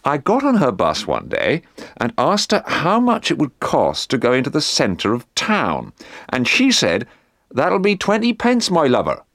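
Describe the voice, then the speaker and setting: A man's voice: medium pitch, huge pitch swings, a little slow, fairly bright tone, dry recording, clean studio sound. A man on a panel telling an amused anecdote, chatty, with hesitant fillers. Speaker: panel member.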